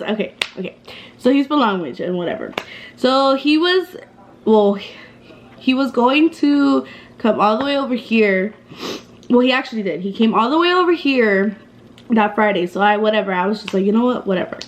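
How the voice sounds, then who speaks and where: A woman in her twenties telling a casual storytime vlog in a chatty, slangy way, with lots of fillers and swearing. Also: medium pitch. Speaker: vlogger.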